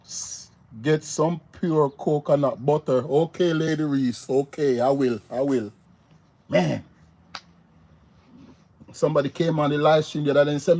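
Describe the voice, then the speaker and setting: Male live streamer, mellow husky timbre, animated chatty delivery addressing chat. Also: fairly high pitch, a little slow, long pauses. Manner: animated, repetitive, talks to chat viewers. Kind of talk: casual live stream talk.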